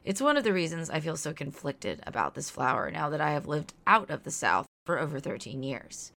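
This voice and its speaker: A woman's voice: sits low, sing-song, a little fast, gravelly, a bit bright. A woman in her thirties from Louisiana, reading a scripted podcast segment in an earnest, outspoken and reflective way. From Louisiana, near New Orleans. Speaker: podcast host.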